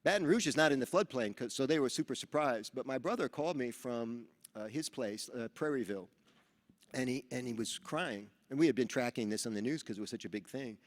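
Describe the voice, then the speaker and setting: A man from New York giving a motivational talk at a seminar, telling animated stories and acting out the dialogue. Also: medium pitch, fairly quick. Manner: animated storyteller who acts out dialogue. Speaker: Rotary speaker at a training seminar. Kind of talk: motivational speech with storytelling. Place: large event hall. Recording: reverberant hall.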